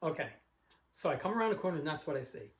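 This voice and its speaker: A man's voice: fairly high pitch, sing-song, fast, over loud music. A man from Long Island casually telling a rambling story about finding a car and acting out the people in it. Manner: rambling, anecdotal, acts out the other people in his story. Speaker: car collector vlogger. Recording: echoey room.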